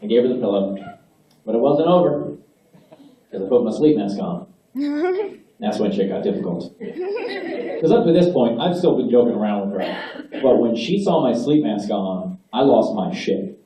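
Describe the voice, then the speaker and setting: A man's voice: mid-range voice, wildly swooping pitch, normal speed, long pauses, mellow. A man doing a stand-up routine, ranting with growing exasperation at a live comedy venue. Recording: distant, dull, echoey audience recording. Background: audience laughter.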